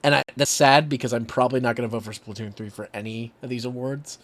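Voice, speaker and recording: A Canadian man hosting a casual stream chat, animated and joking. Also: mid-range voice, fast talker. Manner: animated, laughing, trying silly voices. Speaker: streamer host.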